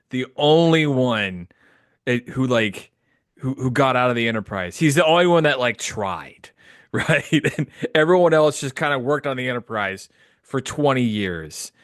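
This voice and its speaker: A man hosting a casual podcast chat, excitable, laughing often and quoting lines. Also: medium pitch, dry recording, clean studio sound. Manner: excitable, laughs often, quotes the film in character. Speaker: podcast host.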